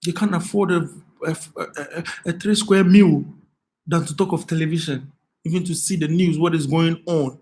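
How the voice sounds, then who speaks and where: A man speaks in a somewhat high voice, talking straight to viewers on a live stream. His delivery is impassioned and earnest, and he circles back to the same phrases again and again. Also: steady tone, normal speed, darkish tone. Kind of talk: emotional live stream commentary.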